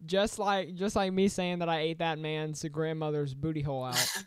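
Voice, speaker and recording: A young man co-hosting a podcast, chatting excitedly about video games and laughing often. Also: on the high side, moderate pace, slight background noise. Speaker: podcast co-host. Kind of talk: casual gaming chat.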